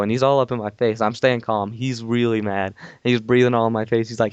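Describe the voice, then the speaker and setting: A man's voice: mid-range voice, steady tone, fast talker, few pauses, clean tone, no room sound, highs cut off. A young man, a podcast co-host, telling a long rambling story in casual talk with many restarts, calling in from home. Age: young adult. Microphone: call-in from home.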